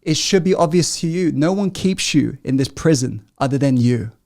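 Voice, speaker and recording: A man giving a motivational masterclass to an audience, peppering them with questions and swinging between loud rallying and hushed intensity. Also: a little high, animated, normal speed, vocal fry. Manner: asks the audience constant questions. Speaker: self-help coach.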